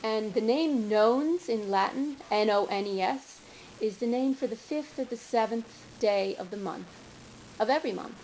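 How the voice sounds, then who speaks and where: An older woman reading her own poems at a bookstore, slow and measured, with chatty asides between poems. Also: on the high side, darkish tone, a little hiss or hum, low-quality recording.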